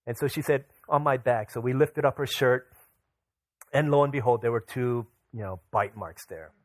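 A man delivers a sermon in a mid-range voice, recorded close and dry with no room echo. He pushes louder and higher to drive home his main points, then sinks to a soft, low voice when telling stories from home. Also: normal speed. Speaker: pastor.

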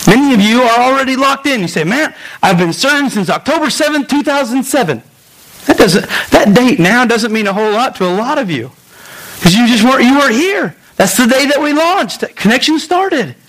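A man pastor preaching a sermon in a lively storytelling way, acting out voices and making quick asides. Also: extremely high pitch, low-quality recording.

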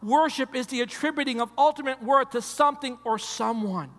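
A male pastor preaching a sermon in a church, repeating phrases and swinging between loud emphasis and hushed, quiet passages. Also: very high-pitched, a little fast. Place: church sanctuary. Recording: long hall reverb.

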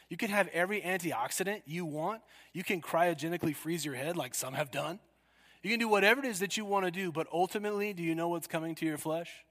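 A man preaching a sermon, emphatic and full of rhetorical questions, swinging from loud declarations to hushed asides. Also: a little high, quick pace. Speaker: pastor. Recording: long hall reverb.

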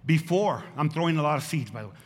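A middle-aged man preaching a sermon as pastor, animated and repeating his points for emphasis. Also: a little high, fast talker, a little hiss or hum. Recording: long hall reverb.

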